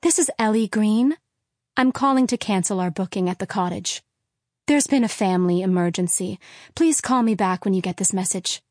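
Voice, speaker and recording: A fed-up mother at her breaking point, loud and forceful, as a woman reader plays her. Her voice is mid-pitched and the recording dry and close. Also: lively intonation, normal speed, no echo, close to an everyday voice. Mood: cold calm. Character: mother, fed-up wife, angry and tearful. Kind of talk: audiobook character reading.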